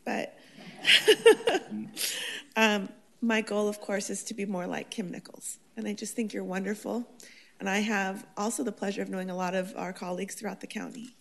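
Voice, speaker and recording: A woman council member giving a chatty tribute at a city council meeting, laughing and using many fillers. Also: medium pitch.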